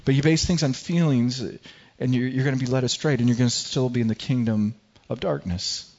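A male pastor preaching a sermon, animated and telling a personal story with frequent stammered restarts. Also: mid-range voice, fairly quick, lo-fi sound.

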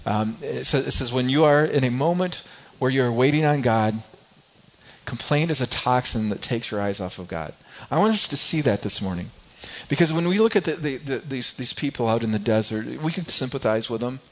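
A man's voice: mid-range voice, animated, a little fast. Male pastor, sermon, conversational, stumbling restarts, slightly dull lo-fi sound. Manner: conversational preaching with frequent restarts and acted-out quotes.

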